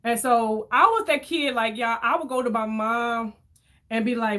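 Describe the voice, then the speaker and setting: A woman chatting casually with her viewers while doing her makeup, telling stories in an animated way and reading their comments aloud. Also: sits high, moderate pace. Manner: chatty, animated storyteller, addresses viewers as y'all. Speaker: beauty vlogger reading live chat.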